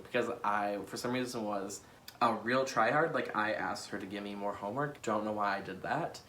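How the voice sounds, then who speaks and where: A man's voice: fairly low pitch, fairly bright tone, slight background noise. A young American man in a casual vlog, talking emotionally, laughing and fighting back tears, with lots of fillers. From United States. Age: young adult. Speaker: vlogger and political candidate.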